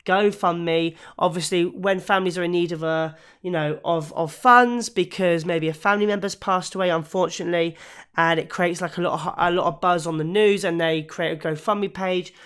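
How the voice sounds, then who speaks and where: A YouTuber talking casually through a crypto project review, with many fillers, restarts and self-corrections, and bouts of hiccups. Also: male voice, high voice, fairly even intonation, moderate pace, fairly bright tone, clear, resonant tone. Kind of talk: casual spoken review to camera.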